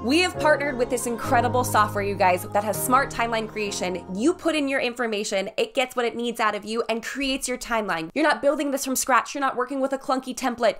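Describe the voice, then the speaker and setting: Bubbly woman vlogger, high voice. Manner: bubbly, chatty, laughs often. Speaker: wedding planning vlogger. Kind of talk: upbeat sponsored vlog pitch.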